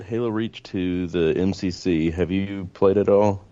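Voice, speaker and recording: A man's voice: low voice, fairly even intonation, unhurried, mellow, no echo. A man in casual podcast chat, laid-back and explaining at length. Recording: dull lo-fi podcast audio.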